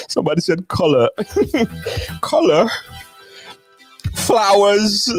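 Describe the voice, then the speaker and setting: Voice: medium pitch, expressive, extremely slow, faint music behind. A live-stream host who chats casually and playfully, greets viewers by name and repeats phrases over and over.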